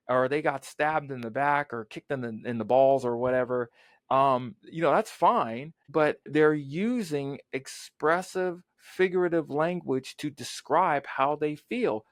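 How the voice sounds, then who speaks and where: A man's voice: a little high, dry recording. A man hosting a podcast, commenting earnestly and reading scripture aloud, often repeating words as he thinks. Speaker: podcast host.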